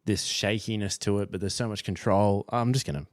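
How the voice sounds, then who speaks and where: A man's voice: lowish voice, steady tone, brisk, dry recording, studio quality. A young man co-hosting a music podcast in casual, playful chat that often trails off. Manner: laid-back, playful, trails off. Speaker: podcast co-host.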